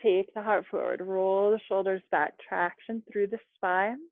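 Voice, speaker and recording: A woman's voice: mid-range voice, a little slow, no echo. Woman yoga teacher on a tinny call. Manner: calm, chatty cues with laughs and asides. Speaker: yoga instructor. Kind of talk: guiding a yoga class over video call. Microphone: video call. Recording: dry, phone-like video call audio.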